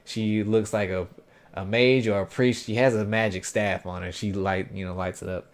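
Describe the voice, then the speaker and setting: A man's voice: fairly low pitch, fairly even intonation, normal speed. A man casually recapping an anime episode for his review, rambling and loose, with plenty of fillers, self-corrections and slang. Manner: informal slangy talk.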